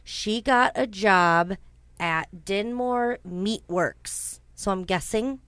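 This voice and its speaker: A woman's voice: mid-range voice, slow, fairly bright tone, smooth, no echo. A woman casually telling a true-crime story to a co-host, chatty and blunt, swearing freely, with frequent ums and asides. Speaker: podcast host.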